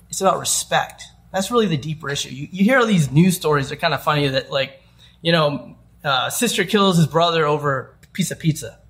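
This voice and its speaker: A young adult man preaching a sermon in a conversational way, with quick asides and acted-out everyday quotes. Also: on the high side, expressive, fairly bright tone. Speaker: pastor.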